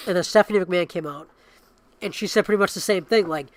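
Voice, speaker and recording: A man's voice: high-pitched, fast, dry recording. A man in his thirties co-hosting a podcast in casual chat, acting out quotes in raised voices. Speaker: podcast co-host.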